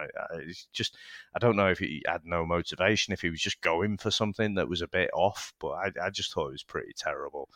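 A man with a cold-roughened, husky voice co-hosting a podcast, giving a halting, casual film review. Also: deep voice, fairly bright tone, no echo, clean studio sound. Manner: halting, many restarts and fillers. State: hoarse with a cold.

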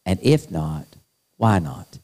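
A man's voice: sits low, slow pace. Man preaching in a big hall. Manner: animated preaching, acts out quoted voices. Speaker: youth pastor. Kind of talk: sermon. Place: large hall at a youth conference. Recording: long hall reverb.

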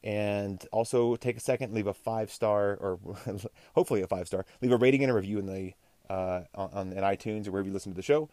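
A man's voice: lowish voice, quick pace, mellow, no echo. Casual rambling male podcast host. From Texas. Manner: casual, rambling, self-deprecating. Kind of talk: solo podcast monologue.

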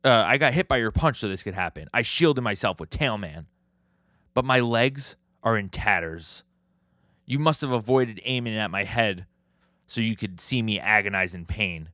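A man reading a menacing villain's lines aloud, taunting a wounded foe in a flat, read-from-the-page way. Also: on the low side, moderate pace, no echo, studio quality.

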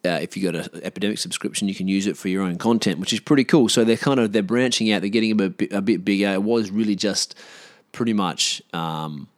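A man's voice: lowish voice, fast, dry recording. A man talking loosely to camera in a casual vlog, rambling with slang and restarts. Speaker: vlogger.

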